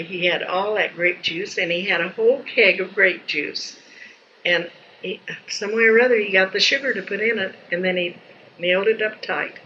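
A mid-range, sharp-toned female voice belongs to an older woman telling family memories as rambling oral history, folksy and prone to restarting sentences. A little hiss or hum runs under the dull, lo-fi home tape, which also has faint ambience.

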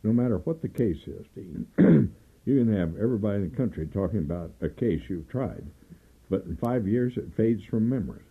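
An older man recounts stories in a rambling way and pauses often to clear his throat. His low, husky voice rises and falls freely. The tape sounds dull and lo-fi, with faint music underneath. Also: lively intonation. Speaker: trial lawyer. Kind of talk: oral history interview, storytelling.

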